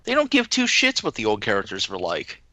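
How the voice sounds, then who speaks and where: A man's voice: fairly low pitch, wildly swooping pitch, fairly quick, bright, forceful tone, no room sound. A man teasing his co-host with dry, sarcastic remarks in a casual podcast chat.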